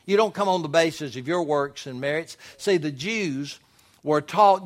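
A man preaching a sermon, reading scripture aloud with loud emphatic swells. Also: on the high side, moderate pace.

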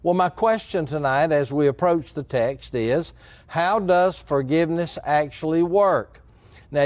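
A man delivers a sermon in a measured, earnest way, often turning to speak straight to his listeners. His voice sits a little high for a man. The sound is dry and close, with no room around it. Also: a little mellow, no echo. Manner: measured, earnest preaching with asides to the congregation. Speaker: pastor.

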